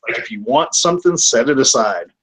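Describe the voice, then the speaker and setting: Bright-voiced man swapping horror stories. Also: mid-range voice, lively intonation, fairly quick, poor audio. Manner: loose, profane storytelling with acted-out quotes. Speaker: podcast host. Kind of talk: casual chat.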